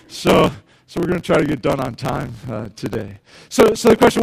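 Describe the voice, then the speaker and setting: A man's voice: a little high, very animated, moderate pace, gravelly, noisy background. A male pastor giving a conversational sermon, often repeating words and putting questions to the congregation.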